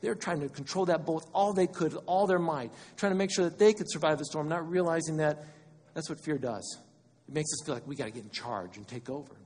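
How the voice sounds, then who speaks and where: A man preaching a sermon as pastor, animated and conversational, acting out quotes as he goes. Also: a little high, a little fast, big-room sound, slight background noise.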